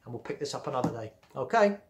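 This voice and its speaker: A male primary school teacher reads a children's book aloud at a medium pitch. His telling is steady and gentle. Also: fast talker, noisy background.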